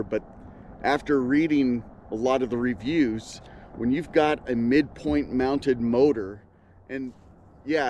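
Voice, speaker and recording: A man hosting an outdoors video, casually explaining things as he goes while out on a kayak on a small lake. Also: lowish voice. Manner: relaxed, thinking aloud, explaining as he goes. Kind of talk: casual on-the-water commentary. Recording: loud outdoor background noise.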